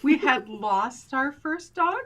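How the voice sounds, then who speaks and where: A woman's voice: sits high, takes it slowly. A middle-aged woman, a confidence coach, telling a personal story in a casual interview and animatedly acting out the voices of the people in it. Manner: animated, acts out quoted voices.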